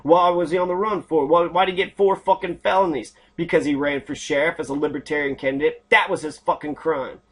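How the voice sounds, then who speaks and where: This online show host's voice is on the high side, with a steady tone and a breathy edge; he talks a little fast and barely pauses. Scrolling his screen over a computer mic, he rants angrily about politics, swearing heavily.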